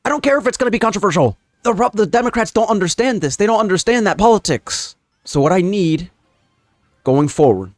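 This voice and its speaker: A man's voice: mid-range voice, no echo. A man giving a heated, profane reaction commentary on political clips, ranting in a casual way.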